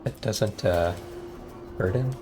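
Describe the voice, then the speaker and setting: A man's voice: fairly low pitch, slow. A man streaming a role-playing game, chatting casually with lots of hesitations and reading the game text aloud. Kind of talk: casual let's-play commentary. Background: game music.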